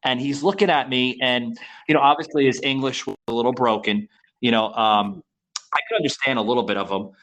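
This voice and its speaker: Halting man with endless you-knows. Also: medium pitch, fairly bright tone, slight background noise, low-quality recording. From Florida, USA. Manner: halting, repeats words, many you-knows. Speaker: podcast co-host. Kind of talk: casual podcast interview.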